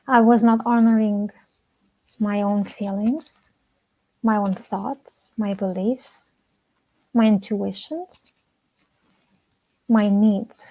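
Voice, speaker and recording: A woman relationship coach speaking slowly and deliberately to camera, soft-spoken with long pauses, in a personal talk. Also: mid-range voice, steady tone. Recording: dull lo-fi sound.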